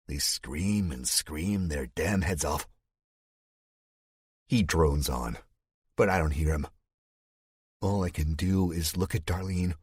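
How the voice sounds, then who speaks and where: A man narrating a thriller audiobook in the first person, in a measured, somber storytelling tone. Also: low voice, breathy edge, dry recording, clean studio sound.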